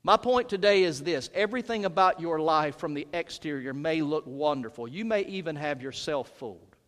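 A male senior pastor preaching with force, rising to shouts and then dropping to hushed, low lines. His voice sits high for a man. The sound rings through a large, reverberant church sanctuary. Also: animated, moderate pace. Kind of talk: sermon. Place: church sanctuary during a worship service.

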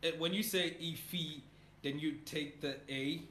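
A man's voice: a little high, steady tone, measured pace, bright, forceful tone. A man coaching someone on name pronunciation in casual banter, teasing and giggling. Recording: echoey room with clear noise.

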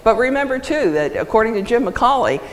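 A woman presenting a legal ethics lecture at a symposium, lively and emphatic, laughing often. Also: a little high, a little fast. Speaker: conference speaker on legal ethics. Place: lecture hall. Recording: reverberant hall sound.

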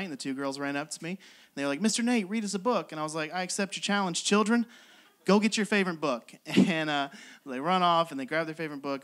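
A man's voice: fairly high pitch, a bit bright. A man in his twenties telling self-deprecating stories in a stand-up comedy set, laughing between lines. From West Virginia. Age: 20s. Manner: self-deprecating storytelling with lots of laughing asides. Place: comedy club stage with live audience.

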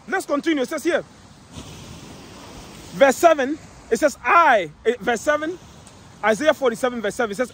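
A very high-pitched man preaches outdoors, pressing each point and repeating himself, breaking off to read scripture slowly. Faint traffic hums behind him. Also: animated, a bit bright. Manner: emphatic, repeats phrases, reads scripture slowly, calls out "eh?". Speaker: street preacher. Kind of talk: street preaching sermon.

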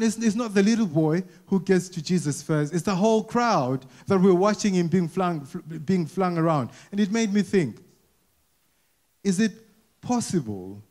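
A man with a fairly high voice preaches to a church congregation in an easy, conversational way. He restarts and repeats words often and keeps asking the people questions. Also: a little mellow. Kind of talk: conversational sermon. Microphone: wearing a mic.

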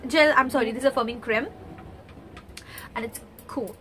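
An excitable young woman talks eagerly through a beauty haul. Her voice sits high and sounds bright and crisp, and she hurries along in a chatty way. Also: normal speed, a little hiss or hum. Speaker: beauty vlogger. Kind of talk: product haul review. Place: at home, near a bookcase.

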